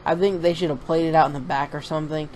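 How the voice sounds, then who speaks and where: A man's voice: on the high side, fairly even intonation, quick pace, darkish tone, slight background noise. A man talking casually in a reaction vlog, reviewing a wrestling show in a profane, rambling, opinionated rant.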